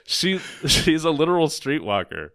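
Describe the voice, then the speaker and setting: A man's voice: fairly high pitch, moderate pace, creaky, no echo, clean studio sound. A man co-hosting a podcast, recapping a movie in casual, sarcastic chat, swearing and acting out lines. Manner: animated, sarcastic, swears, acts out quotes. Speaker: podcast co-host.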